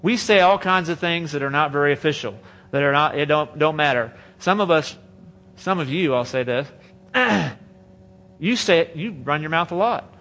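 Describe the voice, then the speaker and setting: A man's voice: on the high side, moderate pace, sharp tone. A man pastor preaching a sermon in a church, conversational and joking, often restarting and repeating phrases into a microphone. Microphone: handheld or stage microphone.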